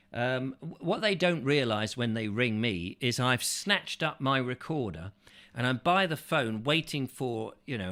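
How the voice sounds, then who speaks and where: A man's voice: mid-range voice, bright, forceful tone. A man hosting a casual chat show, reading viewer comments and rambling with jokes and asides. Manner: rambling, joking, full of asides. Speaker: host.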